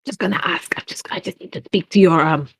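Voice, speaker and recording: A woman playing a smooth-talking male pirate. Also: on the low side, fast talker, no echo, clean studio sound. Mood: teasing.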